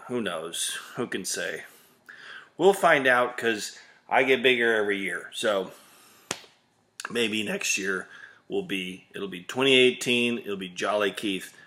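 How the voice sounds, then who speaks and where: Slow, bright-voiced ranting man. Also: on the low side. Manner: exasperated, sarcastic, swears. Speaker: vlog host ranting about liquor. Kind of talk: comedic rant to camera.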